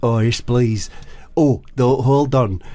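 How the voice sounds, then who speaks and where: A man's voice: mid-range voice, takes it slowly, mellow, natural voice. A man voicing a fussy, timid young footballer with a northern English accent who talks in a meek, whiny way. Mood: fretful.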